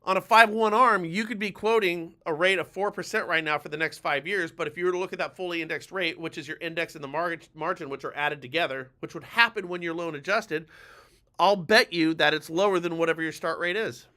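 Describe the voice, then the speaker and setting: A man hosts a live-streamed coaching talk and hammers his points home with emphatic urgency. His voice sits high and sounds bright and sharp. He is blunt and lets the odd curse slip. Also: steady tone, a little fast. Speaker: mortgage lender and show host.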